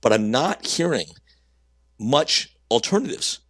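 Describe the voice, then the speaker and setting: A man, a company CEO guest, giving earnest answers in conversation with frequent halting restarts. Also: medium pitch, sing-song, a bit bright, no echo, studio quality.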